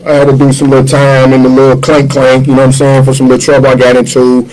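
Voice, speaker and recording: Give me a fifty-year-old man who tells stories with big animated swings. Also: medium pitch, quick pace, faint music behind, rough recording. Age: 50s. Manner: animated storyteller, slangy, acts out quotes. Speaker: chef guest. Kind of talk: casual storytelling interview.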